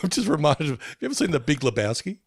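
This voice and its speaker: A man's voice: fairly high pitch, racing, creaky, husky, no room sound, clean studio sound. A man co-hosting a podcast in casual chat, telling stories and chuckling as he goes. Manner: relaxed storyteller, chuckles mid-sentence. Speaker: podcast co-host.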